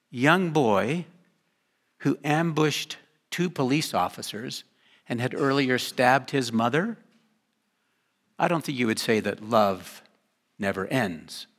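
Lively, bright-voiced older man preaching. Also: medium pitch. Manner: lively, conversational, joking asides. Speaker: pastor. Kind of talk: sermon.

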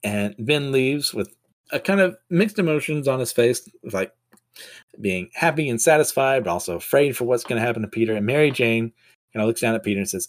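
A man's voice: medium pitch, animated, fairly quick. Brief: casual, self-deprecating male comic podcast host with a mid-range voice. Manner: chatty, self-deprecating, many fillers. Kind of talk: casual recap and review.

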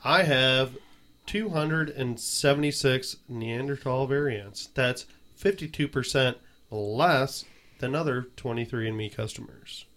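A man chats loosely with friends and throws in teasing jokes. His voice sits at a middle pitch. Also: a little slow, a bit bright. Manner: joking, teasing interjections. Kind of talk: casual group chat.

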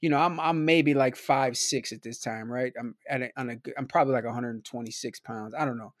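A man's voice: mid-range voice, brisk, no echo, studio quality. A man from Milwaukee telling a story in a loose, rambling way, filling his talk with "like" and "right?". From Milwaukee, USA. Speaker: podcast guest. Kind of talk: casual storytelling.

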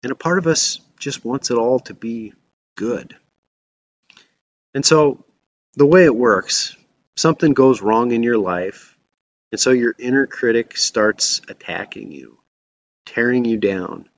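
A man's voice: medium pitch, measured pace, long pauses, muffled recording. A man preaching a reflective sermon as a pastor.

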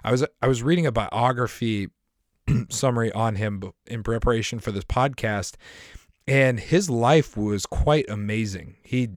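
A man hosting a podcast in a casual, earnest monologue, his voice hoarse from a week of coughing, with throat-clearing and small restarts. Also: mid-range voice, normal speed, dry recording, clean studio sound. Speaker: podcast host.

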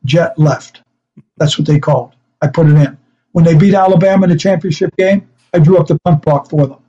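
A man's voice: on the high side, dark tone. Older man telling rambling stories, lo-fi. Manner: rambling, chuckling, self-interrupting. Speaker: guest, former special teams coach. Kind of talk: casual storytelling interview.

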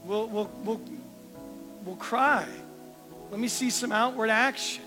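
A man preaching a sermon in a very high, bright, forceful voice. He presses the listener with questions, then drops low and quiet to land a point. Soft music plays behind him. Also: slow. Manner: earnest, questioning, dropping to a soft hush for emphasis.

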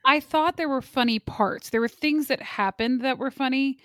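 Chatty woman co-host, higher voice. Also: moderate pace, a bit bright, no room sound, studio quality. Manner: chatty and self-deprecating, laughs easily. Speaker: podcast co-host. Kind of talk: casual chat reviewing movies.

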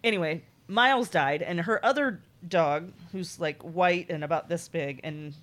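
A woman's voice: on the low side, a little slow, fairly bright tone. A woman dog trainer hosting a casual podcast chat, telling client stories with plenty of fillers. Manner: chatty, tells client stories with many fillers.

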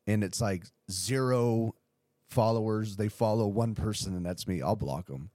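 Laid-back, low-voiced man rambling. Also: normal speed, warm tone, no echo, studio quality. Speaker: podcast host, t-shirt company owner. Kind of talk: casual chat.

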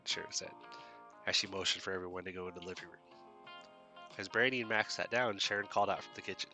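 A man's voice: deep voice, fairly even intonation, fairly quick, sharp tone, soft background music. A man hosting a podcast and narrating a story aloud in a plain reading manner with small restarts. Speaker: storyteller host.

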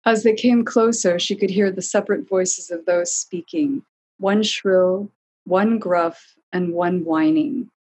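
Breathy woman reading a storybook. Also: lowish voice, rough recording. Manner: calm, measured reading. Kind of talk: storybook narration.

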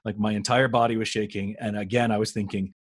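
A man's voice: lowish voice, fast talker, no echo, clean studio sound. A man co-hosting a podcast, telling backstage stories in casual chat and acting out the lines he quotes. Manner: animated storyteller, acts out quoted lines. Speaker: podcast co-host.

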